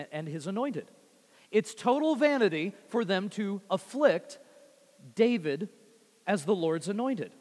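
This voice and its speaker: A man preaching a sermon with animated delivery, swinging from loud rising phrases to quiet low ones and often repeating words. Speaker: pastor. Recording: long reverb of a large hall.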